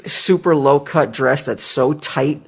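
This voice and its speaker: A man's voice: fairly high pitch, slow, creaky, breathy edge. A man co-hosting a podcast in casual chat, telling stories in a blunt, profane way. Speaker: podcast co-host.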